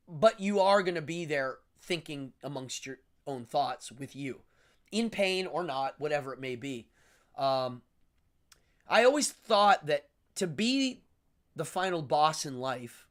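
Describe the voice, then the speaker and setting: This is a man with an English accent hosting a casual livestream monologue from home. His voice sits slightly high, and he rambles enthusiastically with frequent ums. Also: fairly bright tone. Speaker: livestream host.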